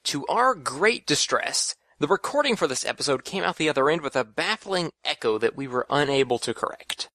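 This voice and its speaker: A man's voice: fairly high pitch, expressive, fairly quick, hardly any pauses, sharp tone, no room sound, studio quality. A man from Texas co-hosting a podcast, hesitant and stumbling over his words. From Houston, Texas. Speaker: podcast co-host. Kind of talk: casual podcast chat.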